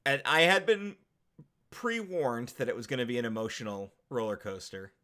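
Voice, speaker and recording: A man's voice: medium pitch, normal speed. A man co-hosting a casual podcast, recapping a film with lots of swearing, laughter and acted-out quotes. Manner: animated, swears a lot, acts out movie quotes. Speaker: podcast co-host. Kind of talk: casual chat.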